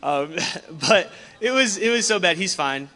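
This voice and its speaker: A young male pastor delivers a sermon in a relaxed, storytelling way, often laughing. His voice sits a bit high and sounds bright and forceful. The sound carries a long reverb from a large hall. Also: moderate pace.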